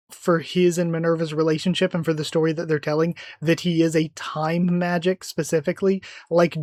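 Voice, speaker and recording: Live reaction host, excited and rambly, lots of "like", dry close mic. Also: mid-range voice, no room sound. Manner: enthusiastic, rambling with fillers. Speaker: channel host reacting to a comic.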